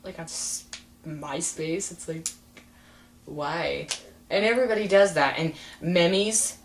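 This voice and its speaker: A young woman ranting casually to her webcam, animated and sarcastic, often breaking into mocking impressions. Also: on the low side, slow pace, slight background noise. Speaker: vlogger. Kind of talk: casual rant to camera.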